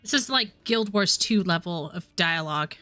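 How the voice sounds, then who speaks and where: A woman's voice: fairly low pitch, expressive, normal speed, pushed and bright, no room sound, faint music behind. A woman chatting casually as she streams a game. She repeats and restarts her words and sometimes reads the game's dialogue aloud. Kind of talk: casual gameplay commentary.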